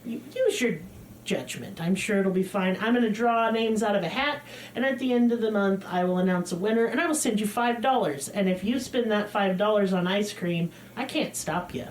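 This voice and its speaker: A woman's voice: medium pitch, normal speed, a little hiss or hum. A woman, co-hosting a podcast in a blunt, profane, joking way. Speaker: podcast co-host. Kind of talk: casual chat.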